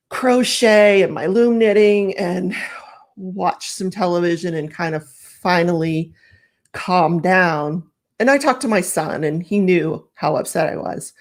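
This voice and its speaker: A middle-aged woman hosting a live crafting stream from home, chatting casually, rambling and laughing as she reads out viewer comments. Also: lowish voice.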